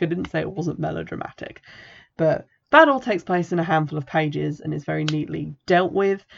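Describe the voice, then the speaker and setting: A sarcastic woman reviewing a book, swearing casually and reading passages out loud. Her voice sits low with plenty of gravelly fry. It is captured on a dull, lo-fi recording. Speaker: podcast host reviewing a book.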